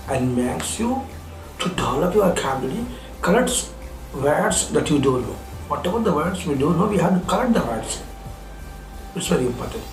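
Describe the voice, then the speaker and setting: A man's voice: fairly high pitch, a little mellow. A man giving a spoken lesson, earnest and repeating his points for emphasis. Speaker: English teacher. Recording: echoey room with faint music.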